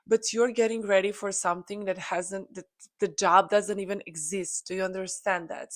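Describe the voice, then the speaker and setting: A woman channeling a spiritual message to her viewers, earnest and encouraging, with frequent fillers. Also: mid-range voice. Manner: earnest, encouraging, many "you know" fillers.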